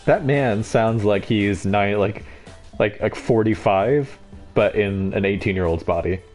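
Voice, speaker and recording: A man's voice: fairly low pitch, measured pace, a little mellow, faint music behind. A man streaming a game live, giving sarcastic, mocking commentary on what he sees.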